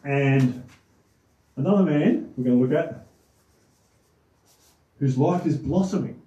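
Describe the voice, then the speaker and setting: A man's voice: on the high side, takes it slowly, mellow. A man with an Australian accent hosting a casual children's Bible talk, easygoing and rambling with frequent restarts. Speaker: host and Bible teacher. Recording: roomy echo, distant mic.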